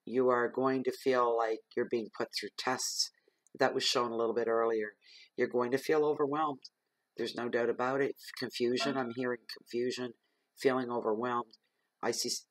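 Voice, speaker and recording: A man gives a general tarot reading in an earnest, rambling way, stopping often on ums as he talks straight to his listeners. His voice sits at an ordinary middle pitch. The recording is dry and close, with no room sound. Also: steady tone, normal speed, dry recording, poor audio. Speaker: tarot reader.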